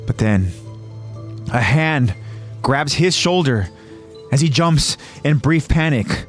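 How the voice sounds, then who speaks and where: A man hosting a podcast, narrating an episode recap in a casual tone and jumping into quoted lines with a raised, shouting voice. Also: mid-range voice, takes it slowly, soft background music.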